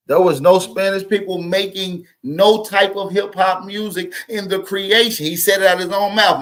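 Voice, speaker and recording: A man on a live reaction stream with a fairly high voice, breaking down clips point by point. He talks emphatically and circles back on his own phrases to drive them home. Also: steady tone, normal speed, hardly any pauses, fairly bright tone. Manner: emphatic, repeats key phrases. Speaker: commentary host reacting to clips.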